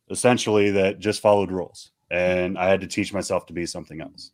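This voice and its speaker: A man's voice: sits low, flat delivery, a little fast, few pauses. A man hosting a podcast in casual chat, blunt and teasing, swearing often. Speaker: podcast host.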